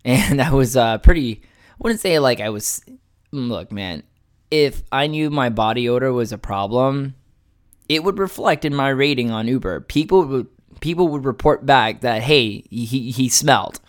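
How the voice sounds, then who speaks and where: A man rambles through a casual vlog monologue at an everyday mid pitch. He swears freely and keeps restarting, stacking filler words as he goes. He makes fun of himself as he talks. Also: lively intonation, moderate pace. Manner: self-mocking, laughs at his own story. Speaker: vlogger.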